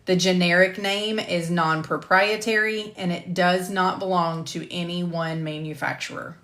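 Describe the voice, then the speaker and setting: A middle-aged medical coding instructor with a light Southern US accent records a scripted lecture on a live stream, reading her slides carefully in a measured cadence. Her lowish voice is a bit bright with fairly even intonation. Between takes she slips into casual chat full of self-deprecating asides and laughter.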